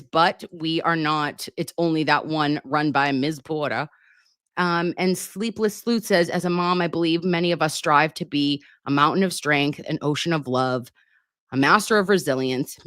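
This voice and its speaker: Chatty nurse streamer, lowish dry voice. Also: female voice, a bit bright, dry recording. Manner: chatty, giggly, flustered, calls viewers babe. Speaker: nurse streamer hosting a live chat. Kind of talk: casual livestream chat reading comments. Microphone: computer mic.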